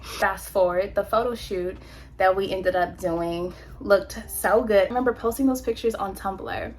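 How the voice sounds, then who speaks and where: A woman from California telling her own story in a candid, animated, slangy way, as a motivational vlogger on a close mic. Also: medium pitch, moderate pace, slight background noise. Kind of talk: personal storytelling, motivational talk.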